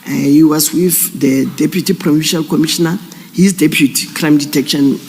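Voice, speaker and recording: A man, a police general testifying formally at an inquiry in a halting, measured way with frequent fillers. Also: on the high side, fairly even intonation, big-room sound, rough recording.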